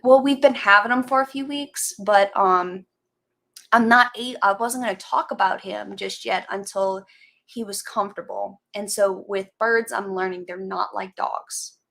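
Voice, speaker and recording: A woman chatting casually on her live stream, rambling from one thought to the next. She stops now and then to greet viewers by name. Her voice has a steady gravelly fry underneath. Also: mid-range voice, unhurried. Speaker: livestream host chatting with viewers.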